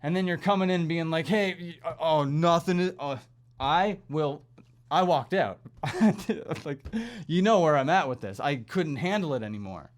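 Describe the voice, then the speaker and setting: A young man with a high, light voice vents in a fired-up vlog rant. He sounds exasperated and sarcastic, and he swears freely as he talks. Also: animated, normal speed. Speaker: vlogger and coffee shop worker. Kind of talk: angry ranting vlog commentary.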